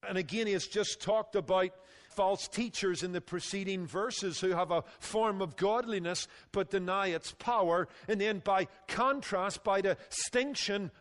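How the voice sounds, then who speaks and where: A male pastor preaching a sermon with emphatic delivery that drops low and quiet on key phrases. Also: a little slow, in a large hall.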